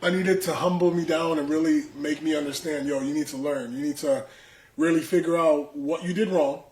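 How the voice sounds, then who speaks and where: Animated slangy comedian in an echoey room. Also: male voice, fairly high pitch, fairly quick. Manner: animated, slangy, acts out quotes. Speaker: comedian guest. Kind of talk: casual storytelling. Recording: echoey room with faint background noise.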